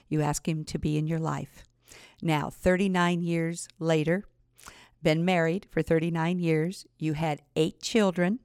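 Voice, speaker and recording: A woman hosting an interview, asking questions in an affirming, unhurried way. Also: low-pitched, darkish tone, clear, resonant tone, no echo, studio quality. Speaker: host.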